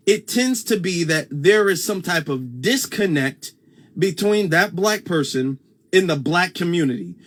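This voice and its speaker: A man's voice: sits high, fairly bright tone. A man hosting a casual livestream commentary, talking conversationally, repeating his points and reading comments aloud. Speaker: host.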